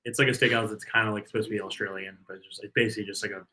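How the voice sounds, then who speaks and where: Man, low-pitched, fast-paced, excitable casual commentary, watch-party co-host. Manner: excitable play-by-play, chatty. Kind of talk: casual live game commentary.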